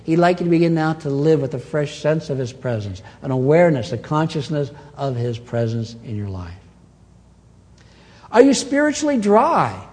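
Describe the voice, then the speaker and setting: Pastor guy preaching, voice jumps all over, loud then hushed, slightly high. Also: normal speed, big-room sound. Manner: animated preaching with dramatic swings in loudness and pace. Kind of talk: sermon.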